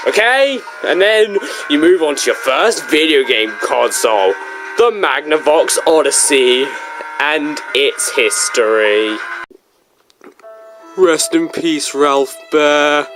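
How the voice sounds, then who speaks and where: A video reviewer talking casually through a book, in a rambling, joking manner with big swings in pitch. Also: lively intonation, slow, over music.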